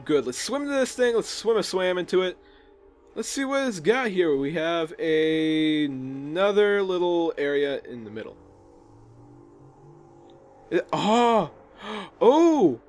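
A young man casually commenting while playing a video game, chatty and jokey with quick reactions. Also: sits high, very animated, a little mellow. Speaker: gaming video host. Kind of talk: casual let's play commentary.

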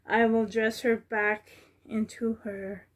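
A woman at home on the floor, showing a doll she is selling, talking softly with many ums and a little out of breath. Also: fairly high pitch, flat delivery, slow pace. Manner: soft, cooing over the doll, with many ums. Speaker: reborn doll seller. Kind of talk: casual show-and-tell vlog.

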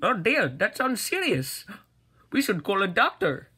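A helpful male bird neighbor, voiced by a woman, who rushes over sounding concerned and keen to help. His voice is husky. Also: medium pitch, very animated, sharp tone, heavily acted.

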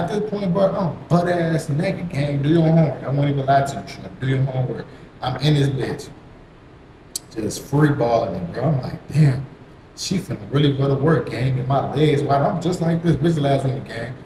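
A man's voice: medium pitch, normal speed, dark tone. A young man telling a story in a casual, slangy, profane monologue full of repeated catchphrases. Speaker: vlogger. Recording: echoey room, faint hiss.

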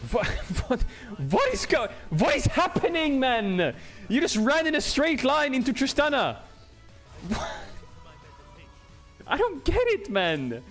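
A young man commentating his own gameplay on stream, exasperated with his teammates and swearing as he goes. His voice sits high and swings wildly up and down. He mostly talks at an unhurried pace, with faint music playing behind him. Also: wildly swooping pitch, a bit bright.

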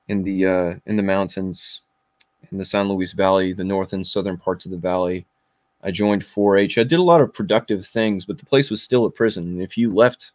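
Podcast guest: man in his 40s, low voice, dry close sound, blunt and intense storytelling. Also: no echo. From Kentucky. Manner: blunt and intense, with frequent fillers. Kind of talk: personal storytelling.

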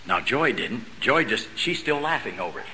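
A middle-aged convention speaker delivers a sermon in lecture style, hammering key words emphatically and throwing in rhetorical questions and dry jokes. His medium-pitched voice is sing-song at a normal pace, with background noise behind it.

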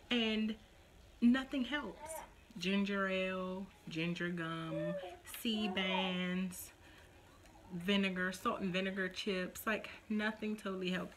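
A young woman vlogging in a casual, dramatic chat, mock-quoting others with lively emphasis. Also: medium pitch, noisy background.

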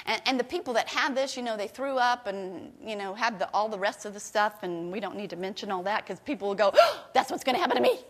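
A woman pastor preaching a sermon with fervent, loud declarations that drop into hushed storytelling. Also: medium pitch, steady tone, brisk, few pauses. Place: church sanctuary. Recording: long church-hall reverb.

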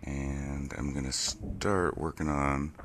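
A man's voice: extremely low pitch, fairly even intonation, takes it slowly, slight background noise. A young man casually commenting on his own gameplay, grumbling and talking to himself as he plays. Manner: grumbling, talks to himself while playing. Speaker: gaming YouTuber.

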